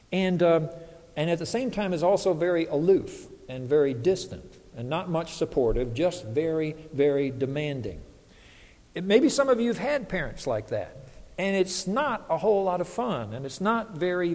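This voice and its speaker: A man's voice: a little high, darkish tone. A man preaching a sermon as a pastor, earnest and emphatic, voice lifting when he quotes others. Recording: hall reverb.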